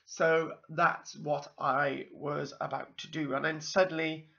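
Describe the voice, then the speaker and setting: A Welsh man tells a wandering story to camera, stopping often for ums and side remarks. His voice is bright and sits a little high. The recording sounds dull and lo-fi. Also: level tone, slow pace, creaky. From South Wales. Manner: meandering, full of ums and asides. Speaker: vlogger. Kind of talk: rambling personal anecdote.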